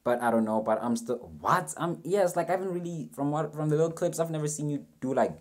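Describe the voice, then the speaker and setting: A man's voice: a little high, quick pace. A young man giving a rambling, self-mocking reaction commentary, swearing freely as he goes. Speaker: reaction video host.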